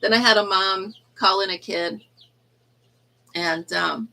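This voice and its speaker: A woman's voice: mid-range voice, steady tone, slow, gravelly, bright, forceful tone, low-quality recording. A woman chatting casually on a phone livestream from an indoor yarn room, laughing often and cooing at baby chicks, with an anecdote about school absences. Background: chicks cheeping.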